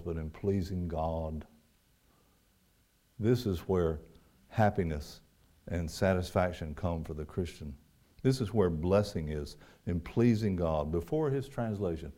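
Male preacher, fairly low voice, dynamic sermon delivery with loud peaks and soft asides.

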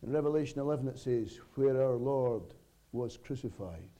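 Very dark-voiced man preaching a sermon. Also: mid-range voice, expressive. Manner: earnest, with dramatic pauses and sudden swells and drops in volume.

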